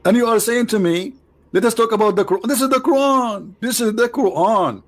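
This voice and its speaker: A man hosting a debate with a caller, teasing and mocking, repeating himself and swinging between loud jabs and low asides. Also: brisk. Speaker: show host debating a caller.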